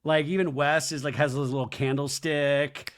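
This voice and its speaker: A man's voice: on the high side, fairly even intonation, moderate pace. A man hosting a podcast, recapping a reality show in a casual, sarcastic way and acting out the quotes in exaggerated voices. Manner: profane and sarcastic.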